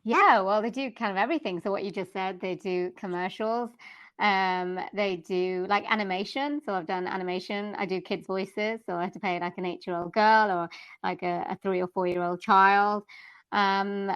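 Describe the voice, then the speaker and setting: A woman's voice: mid-range voice, steady tone, moderate pace, a bit bright, clean tone, lo-fi sound. A woman with a Welsh accent, a voiceover artist from South Wales, chatting casually as a podcast guest with lots of ums and likes.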